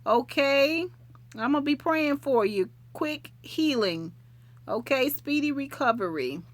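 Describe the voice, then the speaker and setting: A woman's voice: high-pitched, expressive, a little slow, dry recording. Middle-aged woman host, easygoing live chat with viewers, homespun expressions. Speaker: livestream host.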